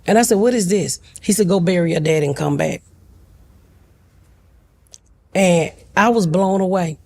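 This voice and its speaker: A woman's voice: lowish voice, fairly quick, a little mellow. A middle-aged woman, a talk-show guest telling a family story bluntly and animatedly, with comic asides.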